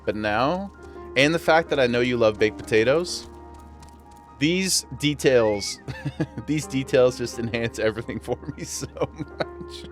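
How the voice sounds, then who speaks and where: With soft music in the background, a man with a western New York accent laughs and chats casually during a game stream. He speaks at a measured pace in a medium pitch with lively intonation.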